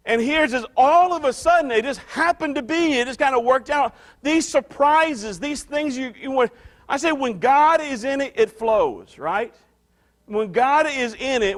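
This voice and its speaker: High-voiced man preaching a conversational sermon. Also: moderate pace. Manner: conversational, restarts and repeats phrases for emphasis. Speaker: pastor.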